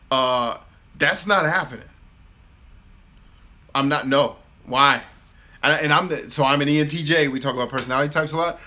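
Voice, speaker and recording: A man in his thirties hosting a live Q&A, telling a casual story in an animated way and acting out his own replies. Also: medium pitch. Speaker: host of a live Q&A.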